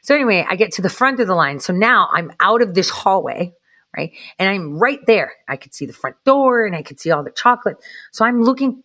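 A woman's voice: mid-range voice, animated, fairly quick, a bit bright, dry recording. A woman casually telling a personal story in a chatty, profane way, sometimes dropping into whispered asides. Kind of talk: casual anecdote.

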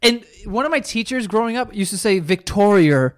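A man's voice: very high-pitched, fast talker, a bit bright. A man hosting a podcast, teasing and joking through a casual comedic chat. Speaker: podcast host.

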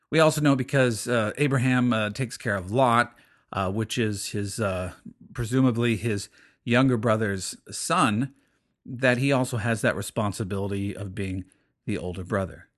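A middle-aged pastor with a voice on the low side preaches at a normal speed. His sermon is earnest and explanatory, marked by frequent fillers and restarts.

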